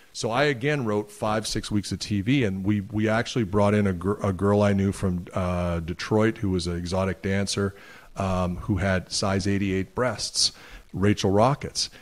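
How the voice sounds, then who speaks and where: Brief: lower-pitched male guest, animated storyteller, plays out the other voices in his stories. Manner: animated, acts out other people's lines. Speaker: podcast guest. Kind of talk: casual storytelling.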